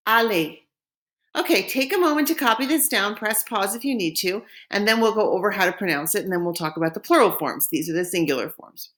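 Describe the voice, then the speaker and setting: Woman teaching french, slow and clear. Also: mid-range voice, lively intonation, a bit bright. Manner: slow, clear modeling of French phrases for repetition. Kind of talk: recorded language lesson.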